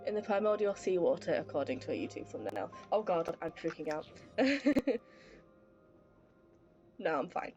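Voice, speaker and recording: A woman's voice: fairly low pitch, moderate pace, pauses often, lo-fi sound, soft background music. A woman streaming a video game live, reacting expressively to the story and chatting with her audience. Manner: expressive, reacting aloud, slips into baby talk with her pet. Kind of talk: live gameplay commentary.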